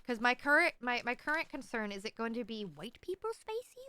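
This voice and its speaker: Bright, chatty woman streamer. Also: on the high side, very animated, brisk, clear, resonant tone. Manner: rambling, playful, self-mocking. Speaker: livestreamer. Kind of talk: casual stream chat.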